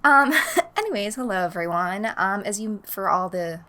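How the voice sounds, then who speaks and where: A woman's voice: mid-range voice, lively intonation, a little slow, pushed and bright. A young woman hosting a book podcast in a casual, rambling chat full of fillers. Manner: chatty, rambling, many fillers like "um" and "like". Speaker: podcast host. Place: home in Los Angeles.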